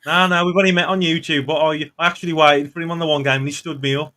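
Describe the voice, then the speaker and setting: Bright, fast-talking Black Country man. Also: on the high side, steady tone. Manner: chatty, open, lots of fillers. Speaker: podcast host. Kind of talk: casual chat.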